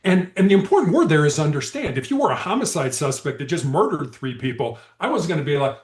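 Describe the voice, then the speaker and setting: Middle-pitched male guest, very lively storyteller who acts out voices; roomy echo. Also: fast, hardly any pauses. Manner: animated, acts out quoted dialogue. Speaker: podcast guest, former hostage negotiator. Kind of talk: conversational storytelling. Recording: echoey room.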